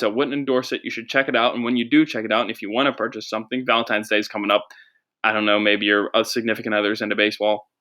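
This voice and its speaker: Young male comedian-host, bright, rambling and self-deprecating, casual solo podcast talk. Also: mid-range voice. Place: small studio with a producer.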